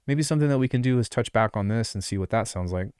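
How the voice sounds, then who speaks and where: A man's voice: medium pitch, lively intonation, fast, background noise. A man giving a casual music production tutorial, rambling and offhand, with many fillers and asides, on a close desk mic. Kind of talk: casual screen-recorded tutorial.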